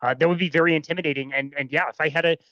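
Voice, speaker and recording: Fast-talking male podcast host. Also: on the high side, fairly even intonation, pushed and bright, dry recording, muffled recording. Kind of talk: podcast interview.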